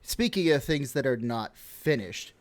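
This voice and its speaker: A man's voice: mid-range voice, lively intonation, measured pace. A young man with a Texan accent, co-hosting a casual podcast, rambling through explanations with lots of fillers and swearing. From Texas. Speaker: podcast co-host.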